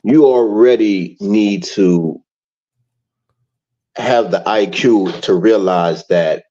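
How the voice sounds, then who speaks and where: A man speaking as a panelist over a remote video call, explaining in a measured way. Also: fairly low pitch, warm tone. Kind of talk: live-stream panel talk. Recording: dull lo-fi call audio.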